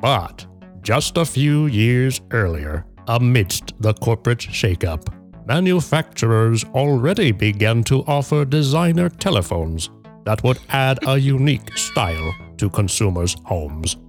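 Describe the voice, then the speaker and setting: A man hosting a podcast, reading a prepared story in a measured, dry way that builds to punchlines. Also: medium pitch, animated, faint music behind. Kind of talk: scripted narration with casual banter.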